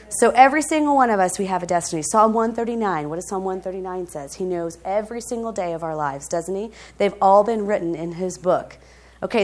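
Animated woman preaching a sermon. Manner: lively storytelling, rising to emphatic highs and dropping to soft, quiet tones; laughs often between phrases. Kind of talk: sermon with personal story.

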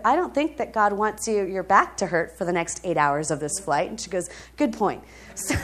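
A woman with a high-sitting voice preaches, animatedly telling a testimony story. She laughs often and keeps checking in with her listeners.

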